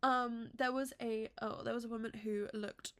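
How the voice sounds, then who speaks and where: At home, a young Englishwoman chats to camera in a casual vlog, her voice a touch high, clean, fairly even, and moderately paced. She rambles through stories with many fillers, teasing herself and apologizing for being mean.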